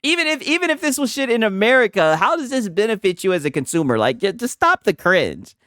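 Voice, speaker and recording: A male streamer reacting live, ribbing his co-host with mocking asides. His pitch jumps around a lot, and the sound is dry and close. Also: sing-song, fairly quick, bright, forceful tone, no echo. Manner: mocking, repetitive, tags lines with "right?".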